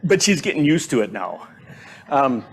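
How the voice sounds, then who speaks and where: A middle-aged man preaching a sermon in a church, conversational and halting, with frequent fillers and restarts. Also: medium pitch, very animated, slight background noise. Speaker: pastor. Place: church sanctuary.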